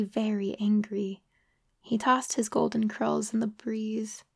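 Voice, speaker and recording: Woman reading a storybook, gravelly tone. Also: mid-range voice, flat delivery. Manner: measured, gentle first-person storytelling. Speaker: narrator.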